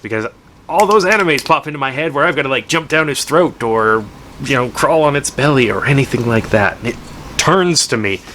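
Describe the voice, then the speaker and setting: A man's voice: mid-range voice, pushed and bright, a little hiss or hum. A man telling a dramatic first-person story, swearing and drifting into rambling asides. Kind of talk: told story.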